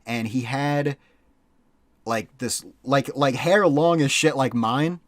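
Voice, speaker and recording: A young man with a medium-pitched voice tells a story slowly while co-hosting a podcast, recorded dry with clean studio sound. His casual, rambling delivery is profane and stuffed with "like" and "dude."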